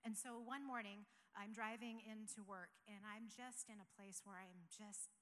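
Speaking with fairly even intonation and an unhurried, medium-pitched voice, a forties-aged operations pastor gives an earnest, conversational testimony punctuated by soft laughter. The church sanctuary lends the recording a big-room sound.

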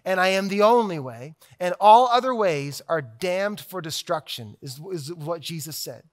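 A man's voice: high-pitched, lively intonation, normal speed. A man preaching a sermon, emphatic, stacking repeated phrases into rhetorical build-ups.

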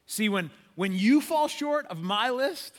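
A man preaching a sermon in a casual, animated, storytelling way, talking straight to parents. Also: very high voice, unhurried, long reverb tail. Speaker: pastor.

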